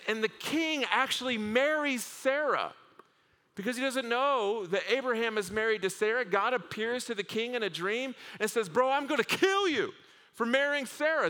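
Bright-voiced man preaching in a hall. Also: sits high. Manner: humorous, animated storytelling with acted asides. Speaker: pastor. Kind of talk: sermon. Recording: long hall reverb.

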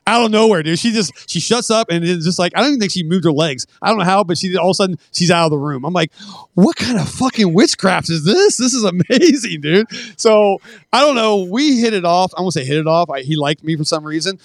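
A middle-aged man who is a podcast guest, telling casual stories full of swearing and acting out the dialogue with animated energy. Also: sits high, quick pace, dry recording. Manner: profane, animated anecdote-telling that acts out quoted dialogue. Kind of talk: casual storytelling.

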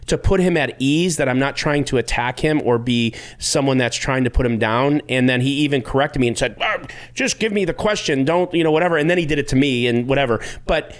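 A man's voice: medium pitch, a little fast, few pauses, clean tone. A man hosting a podcast in casual chat, rambling and restarting his sentences, acting out what others said. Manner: rambling, self-interrupting, acts out quotes. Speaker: podcast host.

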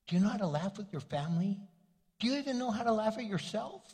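Husky older pastor preaching in a hall. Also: male voice, high-pitched, lively intonation, fast, darkish tone. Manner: folksy, conversational preaching with homely stories. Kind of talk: sermon. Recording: long reverb of a large hall.

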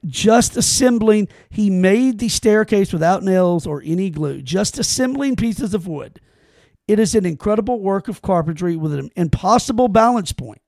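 A man co-hosting a casual podcast, reading an article aloud in a halting way with restarts and exclamations. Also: sits high, lively intonation, darkish tone, no room sound, clean studio sound. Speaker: podcast co-host.

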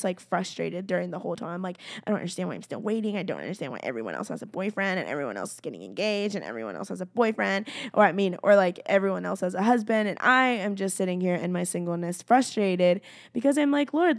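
Young woman, casual faith vlog, gravelly fry, dry close sound. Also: medium pitch, no room sound. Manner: chatty, full of "like", acts out her own prayers. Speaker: faith vlogger. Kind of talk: casual personal talk.

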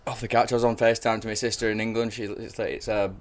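A man's voice: fairly low pitch, flat delivery, rapid-fire. A man who is a guest on a casual podcast, telling rambling anecdotes and swearing freely. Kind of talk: casual storytelling chat.

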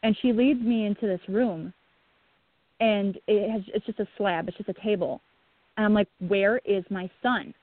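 Woman, halting emotional account, breaking voice, tinny phone line, dry. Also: medium pitch, no echo. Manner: halting, many restarts, voice breaking. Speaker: guest, bereaved mother.

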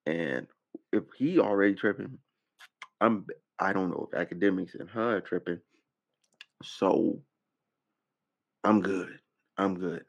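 Gravelly deep-voiced man, rambling. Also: highs cut off. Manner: rambling, profane, stumbles and repeats himself. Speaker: reaction channel host. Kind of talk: casual commentary.

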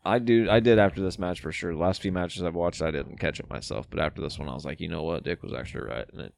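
A man's voice: deep voice, vocal fry. A man co-hosting a podcast, chatting casually and swearing as he tells wrestling stories. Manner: fast, swearing, animated storytelling. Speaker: podcast co-host.

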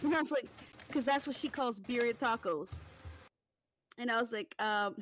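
A woman hosting a podcast, telling casual stories in an animated, profane way and laughing as she goes. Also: fairly high pitch, a little slow, pauses often, no echo. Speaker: podcast host. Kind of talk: casual storytelling chat.

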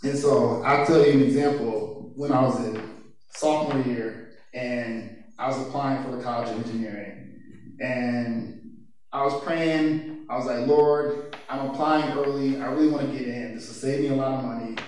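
A man's voice: mid-range voice, steady tone, moderate pace, darkish tone. Chatty young man preaching in an echoey room. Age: young adult. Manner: chatty, laughing, personal storytelling. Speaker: youth speaker. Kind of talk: casual youth sermon. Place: church youth room. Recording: echoey room from far off, faint noise.

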